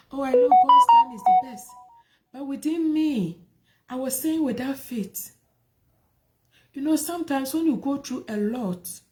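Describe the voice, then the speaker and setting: A woman tells her own life story as a testimony. Her voice sits fairly high but sounds mellow and soft. She talks with feeling, repeats her lines and asks many rhetorical questions. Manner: emotional, repetitive, rhetorical questions. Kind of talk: personal testimony talk.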